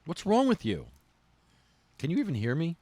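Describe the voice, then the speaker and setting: A man talks on a casual podcast, swearing and ranting with a lot of heat. His pitch swings up and down as he goes. The sound is dry and close, with no room echo. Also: normal speed. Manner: profane, ranting, animated. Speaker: podcast host.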